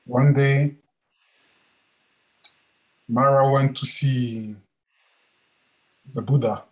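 Unhurried, hesitant male storyteller. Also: medium pitch. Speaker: participant telling a story. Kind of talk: casual storytelling.

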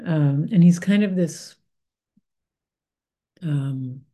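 A woman's voice: low voice, drawn-out words, mellow. An American woman, middle-aged, giving a reflective spiritual talk in a thoughtful, meandering way with many fillers and restarts. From United States.

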